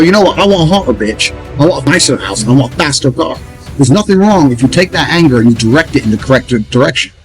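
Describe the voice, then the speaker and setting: An Englishman with a medium-pitched voice delivers a blunt, profane motivational rant, lecturing listeners and mocking how other people talk. The recording is rough, with faint music in the background.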